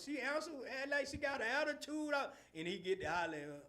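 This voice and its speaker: A man's voice: very high voice, fast. A middle-aged man hosting a podcast, telling stories in casual slang and laughing often. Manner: Southern slang, animated and loud. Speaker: podcast host. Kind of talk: casual storytelling chat.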